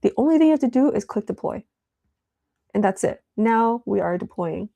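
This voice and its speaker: A young woman hosting a live stream, chatting casually and rambling with many fillers as she demos software. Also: mid-range voice, animated, normal speed, creaky. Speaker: livestream host.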